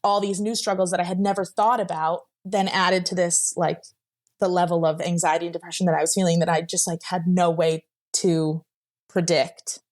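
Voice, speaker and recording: A young woman guest tells her own story casually and at normal speed, her fairly low voice showing little pitch movement. She rambles, says "like" constantly, and laughs as she goes.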